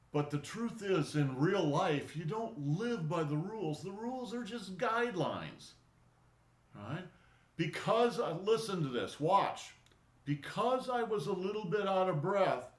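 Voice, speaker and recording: A man teaching an online qigong class, talking in a relaxed, conversational way that often stops and restarts. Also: on the high side, slow pace. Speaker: qigong instructor. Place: indoor studio for online class. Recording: roomy echo.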